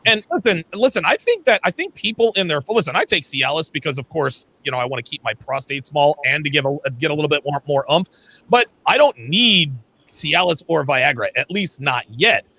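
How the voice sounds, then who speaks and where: A man hosting a casual livestream panel, reading out viewer messages and reacting loudly and excitably, swearing freely. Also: on the high side, brisk, creaky, husky. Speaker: livestream host reading super chats.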